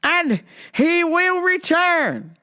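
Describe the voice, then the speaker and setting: A woman's voice: very high-pitched, big pitch swings, extremely slow, bright, forceful tone, voice pushed up, full character voice. A woman voicing a self-righteous male customer who lectures and repeats himself insistently.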